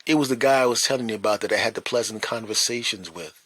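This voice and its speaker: A man's voice: on the low side, fast, fairly bright tone, breathy edge, dry recording. A man, a stand-up comedian hosting a podcast, telling a casual story and checking in with "right?" and "you know.".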